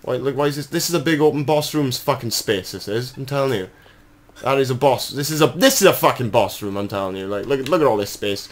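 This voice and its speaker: A young Welsh man playing a horror game with friends, excitable, swearing and laughing often in casual chat. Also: medium pitch, fast talker. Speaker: gaming host playing the game. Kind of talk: casual let's-play chat.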